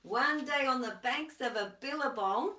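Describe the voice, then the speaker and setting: A woman's voice: high-pitched, moderate pace, bright, forceful tone, distant mic. A woman reading a children's story aloud expressively, asking her listeners questions along the way. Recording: echoey room, voice off-mic.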